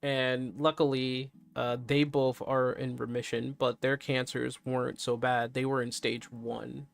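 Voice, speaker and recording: A man's voice: medium pitch, level tone, measured pace, gravelly. A man hosting a live stream, chatting candidly and in a subdued way as he reacts to news and to his chat.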